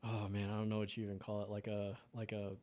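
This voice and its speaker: A man's voice: on the low side, completely flat delivery, quick pace, dark tone. A man in his thirties from the United States, telling an emotional personal story in a casual podcast conversation. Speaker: podcast guest.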